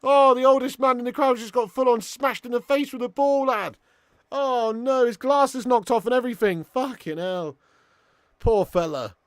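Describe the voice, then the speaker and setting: Streamer host: high-voiced man, loud, sweary football watch-along commentary, dry close sound. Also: moderate pace, clean tone, no echo. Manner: excitable, swearing, chatty with viewers.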